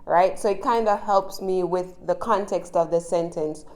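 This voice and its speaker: In this casual spoken lesson, a Jamaican-accented woman teaches English with a fairly low, slightly mellow voice at a moderate pace. She's chatty and supportive, checking in with the listener through frequent tag questions.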